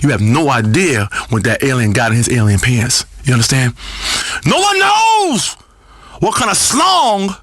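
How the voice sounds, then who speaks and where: An actor playing a crude, boastful male spiritual-guru radio host, preaching loudly and swinging between growls and shouts. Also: medium pitch, sing-song, measured pace, no room sound. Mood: brash. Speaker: radio talk show host. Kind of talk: comedic radio talk show.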